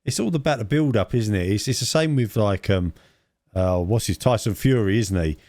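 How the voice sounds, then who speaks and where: A man's voice: on the low side, moderate pace, darkish tone, dry recording. A man co-hosting a podcast, rambling in casual chat, repeating words and adding tag questions. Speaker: podcast co-host.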